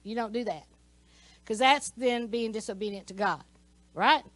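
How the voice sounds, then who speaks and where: A woman's voice: a little high, normal speed, fairly bright tone, dry recording, poor audio. A woman teaching a Sunday school class, telling a personal story in a conversational way with many asides. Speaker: church teacher.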